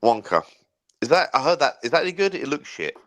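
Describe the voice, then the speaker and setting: A man's voice: mid-range voice, very animated, fast talker, a bit bright. A man chatting casually as a livestream guest, explaining things at some length.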